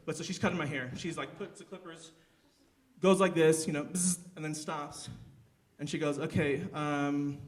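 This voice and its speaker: Young male stand-up comic, slightly high voice, rambling self-deprecating delivery on a theater stage mic. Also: fairly bright tone. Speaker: stand-up comedian. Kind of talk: live stand-up set.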